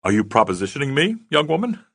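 A man voicing a defensive middle-aged aristocrat in a story, quick and lightly pompous. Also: lowish voice, a bit bright, no room sound, clean studio sound, voice pushed up, natural voice.

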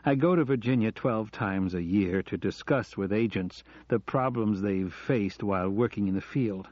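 A man voicing a middle-aged American professor who speaks in a quiet, earnest, confessional way. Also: on the low side, normal speed, no room sound, natural voice. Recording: dull lo-fi audio.

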